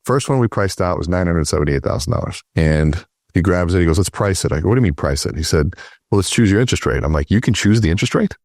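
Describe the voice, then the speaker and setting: A middle-aged man, a sales trainer, telling animated stories in an interview and acting out the dialogue. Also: low-pitched, fast talker, no room sound, clean studio sound. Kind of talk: storytelling in interview.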